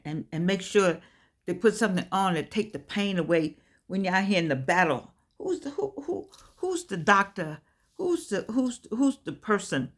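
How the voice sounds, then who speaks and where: A woman in her eighties giving an inspirational talk in an earnest, preaching cadence, full of repeated words and restarts. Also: mid-range voice. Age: 80s. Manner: repetitive, many stammered restarts. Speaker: motivational speaker.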